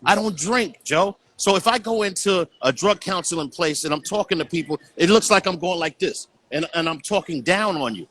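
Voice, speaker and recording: Earnest man, bright forceful voice. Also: a little high, lively intonation, a little fast, few pauses. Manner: earnest, repeats "you know what I'm saying". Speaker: guest. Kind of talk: casual call conversation.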